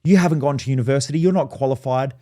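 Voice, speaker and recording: A man quoting his worried middle-aged mother in a higher, pleading voice while telling a story. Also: racing, dark tone, lightly acted. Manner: pleading, fretful.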